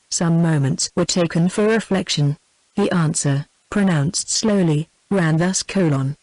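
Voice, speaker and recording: A text-to-speech woman's voice with a British English accent, reading a classic novel aloud in an even, measured way. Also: fairly low pitch, no echo, rough recording. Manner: even, measured synthetic delivery. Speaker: audiobook narrator.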